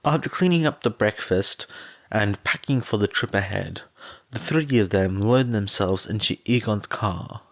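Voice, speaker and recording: A man narrating a fan fiction audiobook in a slow, even reading voice. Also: on the low side, no room sound.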